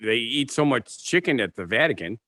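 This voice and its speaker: A man's voice: medium pitch, big pitch swings, normal speed, pushed and bright, no echo. A man co-hosting a casual podcast, cutting in with dry, teasing quips. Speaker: podcast co-host. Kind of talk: casual chat.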